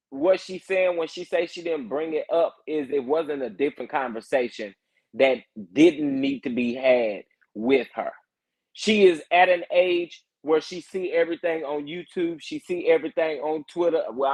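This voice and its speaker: A man hosting a casual morning chat, reacting to viewer comments and getting emphatic and loud when worked up. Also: a little high. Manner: animated, emphatic, rising to loud protest when fired up. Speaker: reality TV commentary host.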